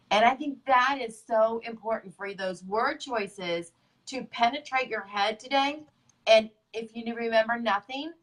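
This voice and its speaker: A woman gives a motivational talk to her business team, emphatic and keen to repeat her key points. Her voice sits slightly high. She sounds distant from the microphone. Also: a bit bright. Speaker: business leader and co-host.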